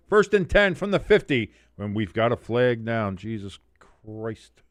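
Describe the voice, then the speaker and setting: Man, stream host, casual play-by-play, joking, chatty, mid-pitched voice, dry close sound. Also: sing-song, moderate pace, no room sound. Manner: joking, chatty, reads out chat messages. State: wired on coffee. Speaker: watch-along stream host. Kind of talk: casual live play-by-play commentary.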